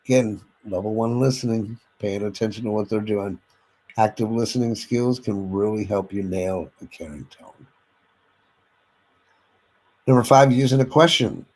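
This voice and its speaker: Male sales trainer, lowish voice, instructive delivery that demonstrates tones and checks in with listeners. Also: moderate pace, pauses often, darkish tone, rough recording. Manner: instructive, addresses listeners directly with frequent "okay?"; demonstrates vocal tones and inflections while teaching.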